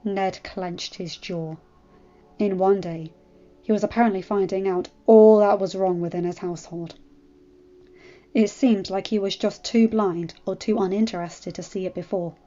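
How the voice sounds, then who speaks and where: A woman's voice: medium pitch, fairly even intonation, moderate pace, dark tone, muffled recording. Woman reading fan fiction aloud.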